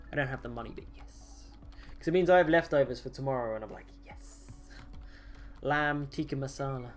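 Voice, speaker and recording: A man chatting live with his viewers while he plays, in a loose, jokey way and breaking into laughter often. His voice sits at an ordinary mid pitch. Soft music plays faintly behind him. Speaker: streamer. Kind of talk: casual live-stream chat while gaming.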